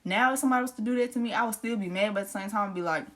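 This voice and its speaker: A woman's voice: mid-range voice, very fast, fairly bright tone, a little hiss or hum. A young adult woman in her bedroom, chatting casually to viewers as she tells a slangy personal story. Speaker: vlogger.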